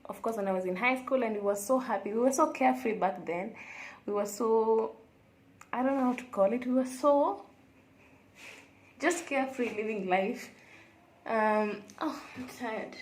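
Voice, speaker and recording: A young woman talks to camera in a relaxed, confessional way, musing openly as she goes. Her voice sits at an ordinary middle pitch and carries the echo of a bare hotel room. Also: slight background noise. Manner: chatty, reflective and candid. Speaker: vlogger. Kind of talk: casual confessional vlog chat.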